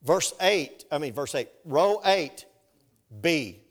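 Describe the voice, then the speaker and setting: A man's voice: a little high, expressive, takes it slowly. A man preaching a sermon, telling stories with humor and asking the congregation if they follow. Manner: storytelling with humor and asides to the congregation. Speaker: pastor.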